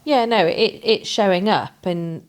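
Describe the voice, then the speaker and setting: A businesswoman guesting on a casual interview podcast, with a mid-pitched voice. She talks freely, laughs a lot and leans hard on her points when she agrees. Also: measured pace. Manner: laughs often, emphatic and lively when agreeing. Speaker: guest, business owner and networking event host.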